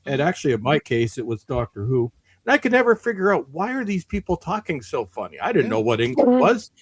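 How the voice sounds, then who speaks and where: A man with a Canadian accent, co-hosting a casual live panel chat in a lively, self-mocking way. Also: on the high side, brisk, slightly rough, no echo. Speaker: podcast co-host.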